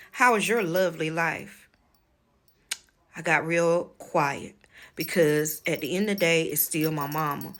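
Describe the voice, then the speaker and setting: Bright, emphatic woman telling a story. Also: medium pitch. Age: adult, married with children. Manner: emphatic, frank, addresses viewers as y'all; swears freely. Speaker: spiritual channel host. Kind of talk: casual storytelling vlog.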